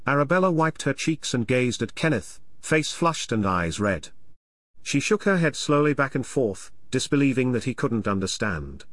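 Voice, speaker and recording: A man narrates an audiobook in a measured, storytelling way. His pitch sits in the middle range but moves in lively swings, and the dry, close sound carries no trace of a room. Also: no room sound.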